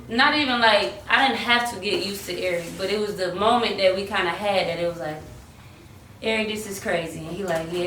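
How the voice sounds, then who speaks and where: A young woman casually telling a story about her music career, acting out quotes and slipping into bits of song. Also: mid-range voice. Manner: animated, acts out quotes and slips into singing. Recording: roomy sound from a distant mic, faint hiss.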